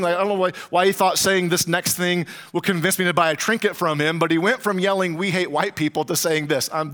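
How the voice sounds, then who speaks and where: A man preaching a sermon as pastor, telling a travel story with dramatic pauses and comic asides to the congregation. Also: high voice, fairly bright tone.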